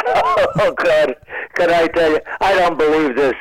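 A man's voice: a little high, wildly swooping pitch, a little slow, rough recording. A man in his nineties, a comedian guest calling in from home, rambling with stammered restarts and dry wisecracks. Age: 90s. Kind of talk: joking radio interview.

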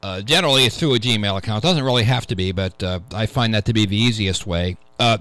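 A man's voice: fairly low pitch, fast talker, hardly any pauses, bright, forceful tone, smooth, no echo, low-quality recording. A man hosting a casual tech radio show in a studio, rambling with many fillers as he talks through the news. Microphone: studio microphone.

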